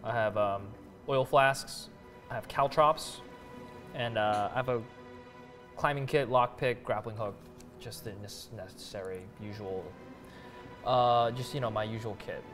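Laid-back dude at the game table, mid-pitch voice, light music under it. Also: male voice, unhurried, pauses often, a bit bright. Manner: easygoing, lists gear with fillers. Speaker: player. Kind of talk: casual chat at a game table.

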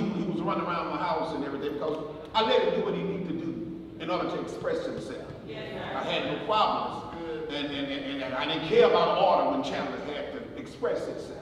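A man, a pastor, preaching a eulogy sermon with animated storytelling and repetitions, recorded from a distance in a church sanctuary before a congregation. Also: sits high. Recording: echoey church hall recorded from far off, crowd audible.

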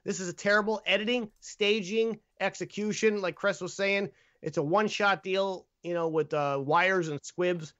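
A man's voice: high-pitched, fairly even intonation, moderate pace, few pauses, a bit bright, no room sound, dull audio. A man hosting a casual comedic movie review podcast, reading scripted jokes with stumbles and laughs. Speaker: podcast host.

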